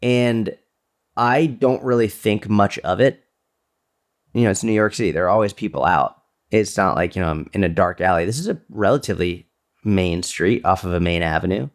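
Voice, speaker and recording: A man co-hosting a podcast, telling a story in casual chat with lively, animated delivery. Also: moderate pace. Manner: animated storyteller, jumps to a high bright voice when quoting greetings. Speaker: podcast co-host. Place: New York City resident at the time.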